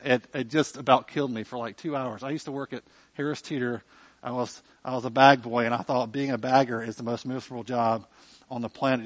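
A man's voice: medium pitch, fairly bright tone, no room sound. A man preaching a sermon in a conversational way, often checking in with the congregation by asking "right?". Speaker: pastor. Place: church.

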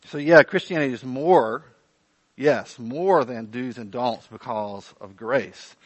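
A man preaching a sermon in an animated, conversational way with playful asides. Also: medium pitch, takes it slowly, husky, dry recording, low-quality recording. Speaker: pastor.

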